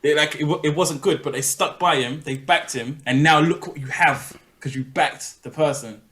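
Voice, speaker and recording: A man's voice: fairly high pitch, normal speed, fairly bright tone. A young man chatting casually as a podcast co-host, emphatic and repeating his points. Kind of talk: casual chat.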